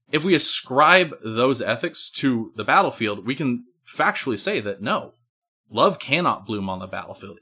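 A man's voice: mid-range voice, sharp tone. A man co-hosting a casual discussion, lecturing at length and checking in with "right?". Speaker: podcast co-host.

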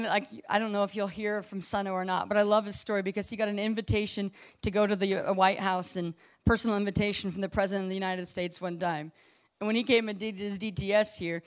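A woman preaching a conversational sermon, impassioned and casual, full of asides, swinging between hushed and loud. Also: medium pitch, smooth.

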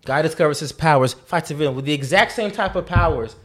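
A young man co-hosting a casual podcast chat, animated and opinionated, full of slang. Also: on the high side, quick pace.

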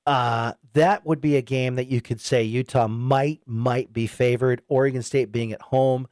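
A man's voice: medium pitch, normal speed, dry recording, studio quality. A man hosting a sports talk radio show, chatting casually and acting out fans' reactions in a raised voice. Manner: animated, quotes imagined fans in raised voice. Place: radio studio.

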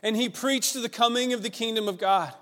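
A man preaching a sermon, retelling stories in an animated way that builds with excitement. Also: very high voice, a little fast. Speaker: pastor. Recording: long reverb of a church hall.

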